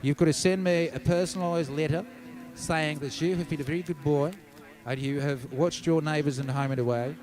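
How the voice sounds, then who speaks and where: A man's voice: a little high, steady tone, a little fast, natural voice, rough recording. A man putting on a mock Australian accent to play a creepy, blustering male politician giving a TV address, in a hammy, exaggerated way, over music. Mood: mock-stern.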